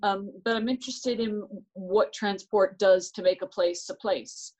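A woman in her forties with an American accent, talking thoughtfully as an interview guest, with frequent pauses and restarts. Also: medium pitch, steady tone, darkish tone, poor audio. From United States. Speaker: interview guest, transport director. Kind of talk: casual interview chat.

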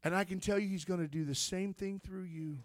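A male preacher tells his testimony with fervent, building energy. His voice sits high for a man. The sound is dry and close, with no room echo. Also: fairly even intonation, fairly quick. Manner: fervent storytelling, rising to shouts. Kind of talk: sermon testimony.

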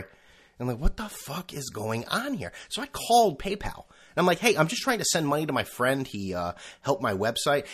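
A man's voice: on the high side, sing-song, fairly quick, a bit bright, breathy edge. A man hosting his own podcast, ranting casually with sarcasm and frequent swearing. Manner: profane, sarcastic, acts out quoted voices. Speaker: podcast host. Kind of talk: casual solo podcast rant.

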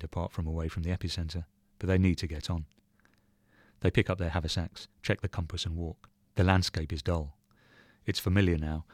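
A man reading a short story aloud in measured, even narration. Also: low-pitched, dry recording. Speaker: reader.

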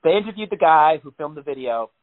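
A man's voice: a little high, lively intonation, quick pace. A man telling a story in casual, rambling chat on a podcast, with lots of swearing. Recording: tinny phone-like sound.

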